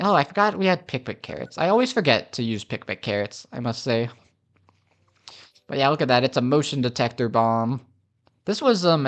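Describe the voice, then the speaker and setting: A man's voice: mid-range voice, a bit bright. A man casually commentating on a video game as a let's play host, chatty and easygoing.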